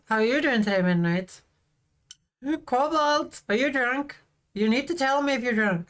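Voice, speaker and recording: Woman streamer, slightly high voice, slow and easygoing, teasing and giggly with chat. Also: fairly bright tone. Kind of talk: casual live-stream chat.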